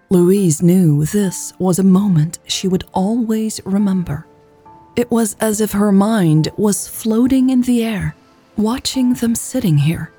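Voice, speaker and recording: A woman narrating a romance audiobook in a calm, intimate, unhurried way. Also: on the low side, husky.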